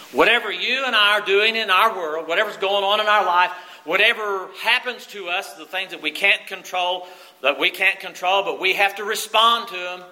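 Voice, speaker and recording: A man's voice: high voice, bright, forceful tone, poor audio. A middle-aged man preaching a sermon as pastor, earnest and full of questions to the congregation. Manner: earnest, asks many questions.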